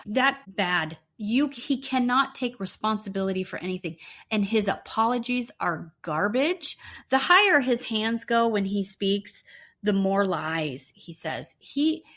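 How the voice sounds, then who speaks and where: A woman's voice: mid-range voice, lively intonation, measured pace, a bit bright. A woman co-hosting a podcast, recapping reality TV in blunt, profane casual chat. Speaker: podcast co-host.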